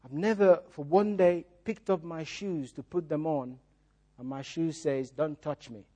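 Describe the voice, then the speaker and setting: A man's voice: on the high side, a little slow, dark tone. A male preacher giving a sermon in a church, repeating key phrases and putting rhetorical questions to the congregation.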